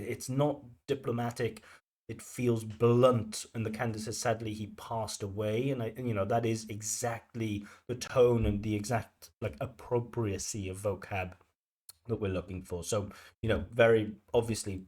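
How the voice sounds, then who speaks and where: A man's voice: fairly low pitch, steady tone, moderate pace, darkish tone. A man working as an IELTS examiner, talking through a recorded speaking test with a chatty, explanatory manner full of fillers. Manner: explanatory, chatty, many "you know" fillers. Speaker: IELTS examiner giving feedback.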